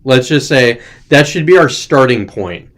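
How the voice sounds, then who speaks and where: A man's voice: mid-range voice, animated, unhurried, fairly bright tone. A young adult man hosting a casual chat show, rambling and irreverent, joking loosely, sounding tired. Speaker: host.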